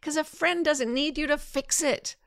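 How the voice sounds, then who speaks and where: A woman's voice: high voice, moderate pace, gravelly, no room sound, clean studio sound. A woman hosting a talk, answering listener questions in a candid, self-deprecating way. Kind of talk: reflective casual talk.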